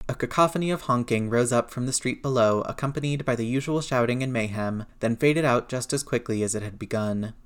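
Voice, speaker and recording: A woman's voice: rumbling low, brisk, hardly any pauses. Woman narrating a story steadily. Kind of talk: audiobook narration.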